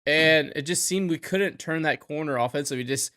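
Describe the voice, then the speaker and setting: Man on a sports podcast, slightly high voice, animated, curses, casual chat. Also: brisk, smooth. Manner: animated, swears freely, trails off and restarts. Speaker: podcast co-host.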